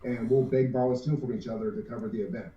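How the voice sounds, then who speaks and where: A man's voice: mid-range voice, steady tone, rapid-fire, lo-fi sound. Rambling man in his fifties, roomy distant sound. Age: 50s. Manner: rambling, earnest, restarts often. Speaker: cosplay group co-owner. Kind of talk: casual interview.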